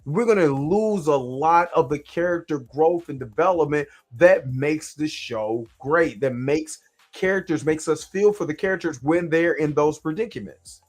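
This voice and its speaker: A man's voice: fairly high pitch, normal speed. A man from Kansas City hosting a casual live reaction show, talking at length and often asking "you know what I'm saying". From Kansas City, USA. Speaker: show host reviewing an episode.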